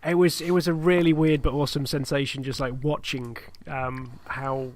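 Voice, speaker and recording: Man, podcast co-host, relaxed casual chat, fairly high pitch. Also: normal speed.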